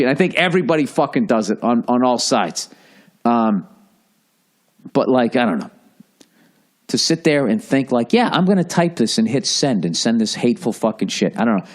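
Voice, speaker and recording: A man hosting a podcast, rambling through a profane comedic monologue with lots of restarts and mocking asides. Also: mid-range voice. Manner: animated storyteller. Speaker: podcast host.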